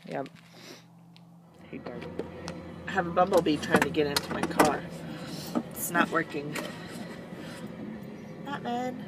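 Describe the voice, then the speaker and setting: A woman's voice: low voice, fairly even intonation, a little slow, pauses often, very noisy. A woman chatting casually in a vlog, talking to her dogs in baby talk at home and then in her car. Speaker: vlogger.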